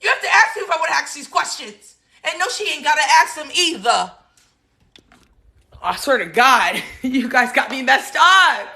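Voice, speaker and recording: A woman in her thirties hosting her own show, giving animated, sassy political commentary, exclaiming and laughing often. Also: high voice, moderate pace, creaky. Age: 30s. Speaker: host.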